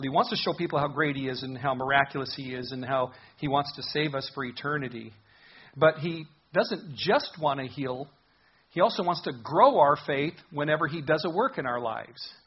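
A man's voice: on the high side, husky, highs cut off. A man preaching a sermon, earnestly explaining scripture verse by verse. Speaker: pastor.

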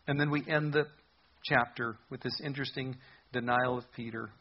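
A man's voice: mid-range voice, fairly even intonation, normal speed, husky, lo-fi sound. A man preaching a sermon as a pastor, earnest and conversational in his delivery.

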